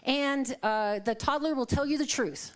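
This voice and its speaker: Speaking as a guest at a Sunday service, a middle-aged woman gives a conversational sermon built on personal stories. She acts out quoted dialogue and laughs often, her high voice moving a little slowly.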